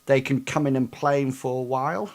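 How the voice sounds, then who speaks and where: A man's voice: mid-range voice, steady tone, fairly quick. A man narrating as game master of a tabletop game over voice chat, hesitant and full of ums. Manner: hesitant, filled with ums and likes.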